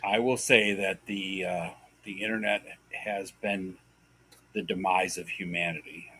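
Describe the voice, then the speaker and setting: A man's voice: deep voice, fairly even intonation, unhurried, pushed and bright, slight background noise. A man chatting on a live show, making wry, grumbling jokes. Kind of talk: casual live chat.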